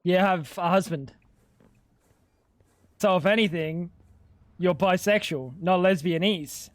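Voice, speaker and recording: A man's voice: high voice, takes it slowly, no room sound. Crude joking man streaming. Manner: crude, rambling joking banter with chat. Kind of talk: casual gaming livestream chat.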